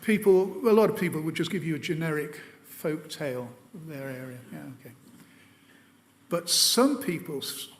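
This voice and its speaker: A man's voice: a little high, lively intonation, normal speed, long reverb tail. A man giving an illustrated presentation to an audience. He tells wry anecdotes and often hesitates with fillers. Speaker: lecturer.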